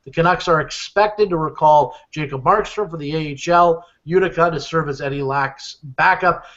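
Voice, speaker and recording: A man's voice: a little high, normal speed, a bit bright. A man co-hosting a podcast, reading news items aloud with frequent hesitations. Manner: hesitant, many "uh"s, reads releases aloud. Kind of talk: news reading mixed with casual chat. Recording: dull lo-fi podcast audio.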